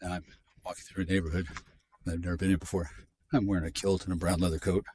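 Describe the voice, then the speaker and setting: A man in his fifties vlogging outdoors, rambling in a profane, sardonic way with sudden jumps in pitch. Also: level tone, fast, darkish tone, no room sound. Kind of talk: rambling monologue while walking. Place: outdoors in a neighborhood.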